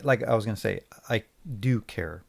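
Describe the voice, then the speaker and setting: A man co-hosting a podcast in casual opinion chat, sarcastic and halting with restarts. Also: fairly low pitch, vocal fry. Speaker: podcast co-host.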